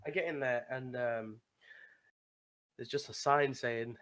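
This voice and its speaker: A man's voice: mid-range voice, steady tone, slow pace, fairly bright tone. A man co-hosting a casual gaming podcast, telling a long story with restarts and laughs. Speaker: podcast co-host, gamer. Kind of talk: casual chat recapping a game server.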